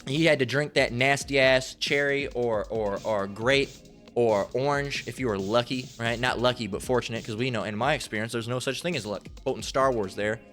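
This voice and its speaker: A man's voice: medium pitch, moderate pace, a bit bright, soft background music. A man giving a casual Bible lesson in a rambling, slangy way, swearing freely. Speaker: lay Bible teacher.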